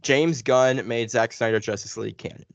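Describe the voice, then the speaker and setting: A man co-hosting a podcast, chatting casually and excitedly through a spoiler review, full of fillers and restarts. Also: mid-range voice, moderate pace, gravelly. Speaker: podcast co-host. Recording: dull lo-fi sound.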